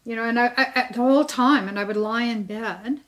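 A woman's voice: on the high side, fairly quick, fairly bright tone. A middle-aged woman sharing a personal testimony, telling her story with animation and acting out what people said. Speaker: church member sharing testimony.

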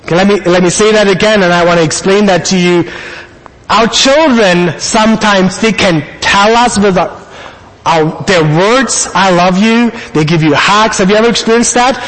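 A man preaching a sermon, telling a family story with animated quoted asides. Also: sits high, normal speed, long reverb tail, rough recording. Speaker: pastor.

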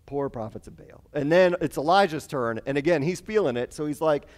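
A man's voice: a little high, expressive, fairly quick, a little mellow. A man teaching a conversational Bible lesson, retelling stories animatedly with casual asides and fillers.

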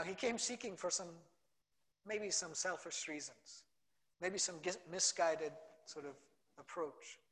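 A man's voice: high-pitched, fairly bright tone. Earnest male pastor in a reverberant hall. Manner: earnest, repetitive exhortation in short phrases. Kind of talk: sermon and closing prayer.

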